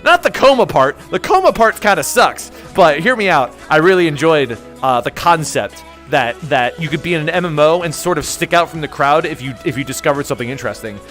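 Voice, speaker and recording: A man's voice: fairly high pitch, a bit bright. A young man chatting casually on a live stream, rambling and jokey as he reads chat aloud.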